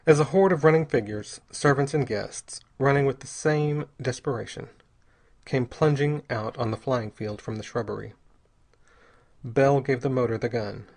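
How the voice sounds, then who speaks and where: A man narrating an audiobook chapter in a steady, even reading voice. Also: medium pitch, moderate pace, creaky. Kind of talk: scripted narration.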